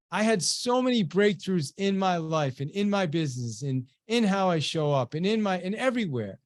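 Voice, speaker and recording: A man giving a webinar as a sales trainer, telling a motivational story with lively energy and acting out the dialogue as he goes. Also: a little high, no echo, studio quality. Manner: animated storyteller who acts out quoted dialogue.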